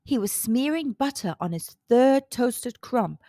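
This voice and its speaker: A woman slowly and expressively reads a children's storybook aloud, her fairly high voice moving a lot in pitch. The recording is close and dry, with no room sound.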